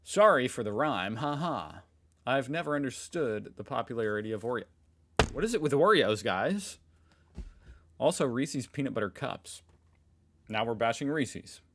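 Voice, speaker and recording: A man's voice: mid-range voice, animated, normal speed, long pauses, a bit bright. Playful mock-defensive man hosting reactions. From Southern United States. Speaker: reaction video host. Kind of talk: casual reaction commentary.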